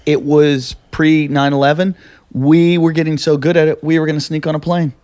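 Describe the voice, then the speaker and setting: Man with a slightly high voice, animated storyteller. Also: normal speed. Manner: animated, acts out quoted dialogue, swears freely. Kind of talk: casual comedic storytelling.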